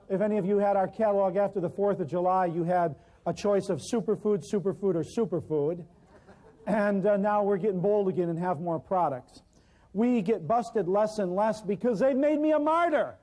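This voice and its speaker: An American man, an herbal practitioner, telling humorous stories to a live audience and clearing his throat often. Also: high voice, dark tone. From United States.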